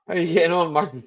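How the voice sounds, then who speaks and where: Male stream host, easygoing drawl, rambling jokes, muffled home-stream sound. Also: fairly high pitch. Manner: jokey and rambling, chuckling often. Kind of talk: casual live chat.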